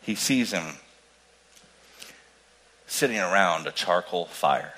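A man preaching a sermon in an animated storytelling way, with loud emphasis that drops to hushed tones. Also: low voice, slow pace, rough recording. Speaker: pastor.

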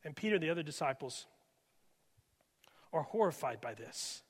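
A male pastor preaching a sermon with dynamic delivery, moving from loud emphasis to hushed near-whispers. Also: a little high, big pitch swings, normal speed, slightly rough. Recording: reverberant hall.

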